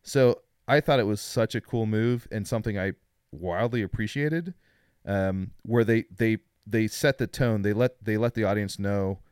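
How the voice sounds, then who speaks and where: A man's voice: on the low side, normal speed, darkish tone, smooth, no echo, clean studio sound. A man co-hosting a casual podcast, talking about films with rambling enthusiasm. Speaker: podcast co-host. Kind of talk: casual film chat.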